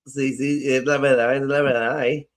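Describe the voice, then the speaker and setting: A man's voice: mid-range voice, level tone, moderate pace. Laid-back man hosting a live stream. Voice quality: loose, laid-back talk with street slang. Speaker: stream host. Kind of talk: casual live-stream chat.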